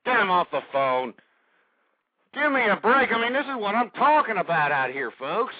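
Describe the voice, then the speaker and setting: A man's voice: high voice, very animated, moderate pace, slightly rough, no room sound. A man hosting a call-in radio show, ranting combatively at callers and repeating himself. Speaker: radio talk show host. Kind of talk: angry call-in radio commentary. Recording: dry phone-like radio audio.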